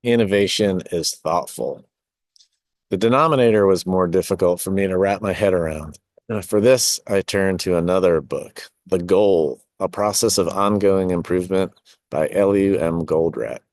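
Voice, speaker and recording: A man's voice: deep voice, normal speed, darkish tone, no echo, clean studio sound. A middle-aged man, a podcast host and design teacher, reading his own essay aloud in a reflective way, with asides and self-corrections.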